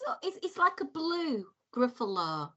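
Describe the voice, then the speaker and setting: A woman's voice: sits high, sing-song, unhurried, bright, forceful tone, highs cut off. A woman co-hosting a podcast, chatting animatedly and telling stories with exasperation. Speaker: podcast co-host. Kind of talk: casual chat.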